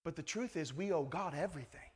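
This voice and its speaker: A man's voice: a little high, fast. A male pastor preaching a sermon in a conversational, emphatic way, full of rhetorical questions.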